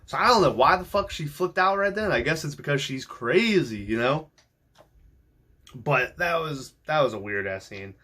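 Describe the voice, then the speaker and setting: Bright-voiced man rambling through a movie recap. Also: a little high, animated, moderate pace. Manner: rambling and profane, full of ums and likes. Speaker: podcast host.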